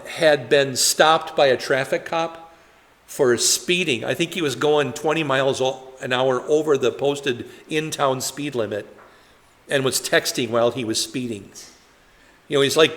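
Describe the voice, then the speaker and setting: A man's voice: mid-range voice, fairly bright tone, long reverb tail. A male pastor leading a conversational Bible study, talking in a chatty way with many fillers and rhetorical questions.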